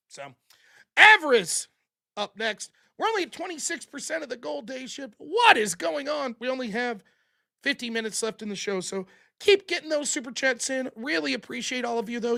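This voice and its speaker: A man in his forties hosting a livestream call-in show, talking quickly and animatedly. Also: very high voice, vocal fry. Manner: fast, animated, talks over callers.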